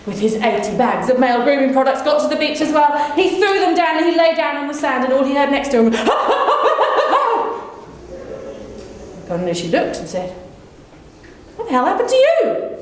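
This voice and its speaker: A woman's voice: sits high, lively intonation, fast, hardly any pauses, darkish tone. A woman storyteller performing live for a small audience, playful and teasing. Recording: echoey room with faint hum.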